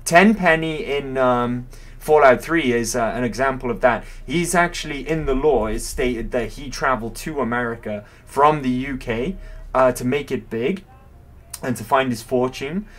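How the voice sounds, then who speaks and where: A man's voice: mid-range voice, moderate pace, fairly bright tone. A man commentating his game live, musing aloud in a rambling, curious way. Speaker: game streamer. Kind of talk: livestream gameplay commentary.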